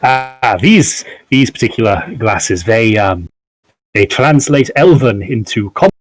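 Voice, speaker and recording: A man's voice: fairly low pitch, animated, measured pace, poor audio. A man voicing a sleepy, chatty elderly male curio merchant with rambling, filler-laden sales patter. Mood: salesy.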